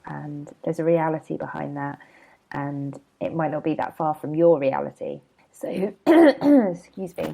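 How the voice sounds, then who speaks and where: A woman's voice: deep voice, vocal fry, warm tone, rough recording. A woman in her thirties hosting a casual solo podcast, chatty and candid, laughing often and wandering off topic while a bit hungover and yawning. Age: 30s. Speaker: podcast host and blogger.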